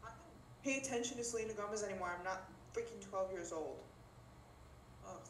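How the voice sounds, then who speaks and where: A woman's voice: medium pitch, a little fast, a little hiss or hum. Teasing, sarcastic woman on a call. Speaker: podcast co-host. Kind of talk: casual comedic chat. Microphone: video call.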